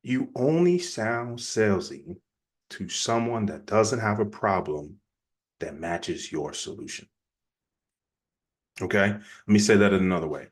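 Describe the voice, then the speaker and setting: Lively man coaching on sales. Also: fairly low pitch. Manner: energetic, acts out quick example dialogues; conversational, plainspoken. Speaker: business coach. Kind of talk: casual teaching presentation.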